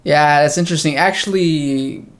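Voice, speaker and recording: A young man from the United States, hosting a casual chat with a friend. His voice sits a bit on the high side for a man. He tells stories in an animated way and acts out the quoted dialogue. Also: moderate pace. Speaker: host, English teacher.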